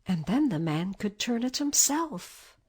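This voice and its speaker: A woman narrating a storybook in a calm, even storytelling manner. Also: mid-range voice, measured pace, slightly rough.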